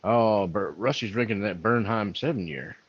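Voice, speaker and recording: A laid-back man co-hosting a casual livestream, low in pitch and easygoing as he reads chat. The sound is dry and slightly dull. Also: moderate pace, breathy edge, no echo. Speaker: livestream co-host.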